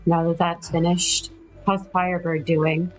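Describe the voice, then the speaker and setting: A woman narrating as game master of a tabletop role-playing game, in measured descriptive storytelling. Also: lowish voice, flat delivery, soft background music, rough recording.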